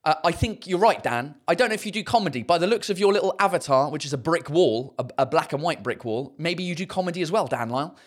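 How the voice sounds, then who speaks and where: A man's voice: fairly high pitch, expressive, fast, few pauses. A man with a southern English accent, a stand-up comedian chatting casually and answering viewers' comments in a self-mocking way. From England. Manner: chatty and self-mocking, many fillers and restarts.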